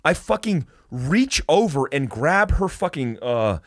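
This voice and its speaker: A man's voice: a little high, unhurried, dry recording, studio quality. A man from the United States telling a wild story as a podcast guest, swearing a lot and restarting sentences. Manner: animated, heavy swearing, restarts. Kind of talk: casual storytelling interview.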